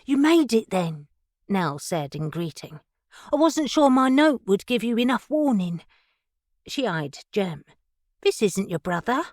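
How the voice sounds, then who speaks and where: A woman's voice: mid-range voice, unhurried, dry recording, clean studio sound, pitched above the performer's own voice. Woman doing a bold, teasing young actress. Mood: bright greeting. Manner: lively, teasing, confiding.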